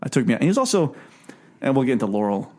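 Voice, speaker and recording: Brief: male podcast host, mid-pitched, talky and animated, frequent restarts. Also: very fast. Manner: chatty, animated, many restarts. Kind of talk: casual book discussion.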